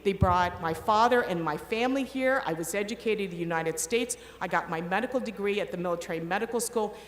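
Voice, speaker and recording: A middle-aged woman giving a commencement speech, telling an animated story and acting out the quoted voices. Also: medium pitch, a little fast, a little hiss or hum. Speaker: commencement speaker. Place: large ceremony hall. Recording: echoey hall with long reverb, faint ambience.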